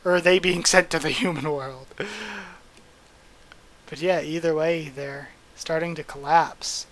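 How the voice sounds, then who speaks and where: A young man doing an excited, hyped manga readthrough with casual commentary. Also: fairly high pitch, unhurried. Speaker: YouTube reader.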